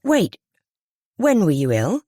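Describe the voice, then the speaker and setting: A woman's voice: mid-range voice, very animated, normal speed, no echo, studio quality, pitched above the performer's own voice. A narrator voicing a polite, well-meaning amateur sleuth woman who speaks earnestly and apologetically. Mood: concerned.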